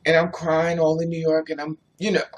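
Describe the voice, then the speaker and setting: A man's voice: fairly high pitch, completely flat delivery, fairly quick, highs cut off, a little hiss or hum. A man on a casual livestream who tells rambling personal stories and answers viewers' chat comments as he goes.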